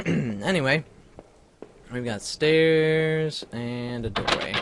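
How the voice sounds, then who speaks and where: A man's voice: a little high, very slow, background noise. A man hosting a let's play with a slight lisp from a mouth sore, casually reading game text aloud with hesitant, self-correcting, wry asides.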